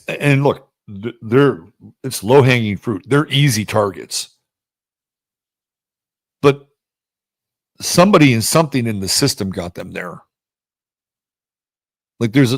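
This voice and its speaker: A man's voice: no echo, studio quality. A man hosting an astrology forecast in a blunt, chatty way, now and then jumping into playful acted-out voices. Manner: blunt, chatty, acts out voices with big pitch swings. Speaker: astrology show host. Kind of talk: casual astrology forecast monologue.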